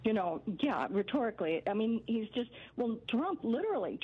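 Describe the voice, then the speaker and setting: Husky older woman calling in. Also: on the high side, very animated, moderate pace. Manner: rambling, with many fillers and restarts. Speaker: caller. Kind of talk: phoning in to a radio show. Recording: dull lo-fi phone line.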